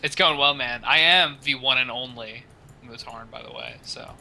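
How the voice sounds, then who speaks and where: A young man co-casting a video game match, easygoing and quick to laugh along with his partner. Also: mid-range voice, vocal fry, pushed and bright. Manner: laughing, agreeable banter. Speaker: game co-commentator. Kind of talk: casual esports commentary.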